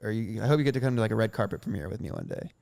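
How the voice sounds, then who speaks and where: A male host in a casual interview, asking gentle probing questions and adding brief backchannels. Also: lowish voice, expressive, very fast, vocal fry, dry recording, studio quality.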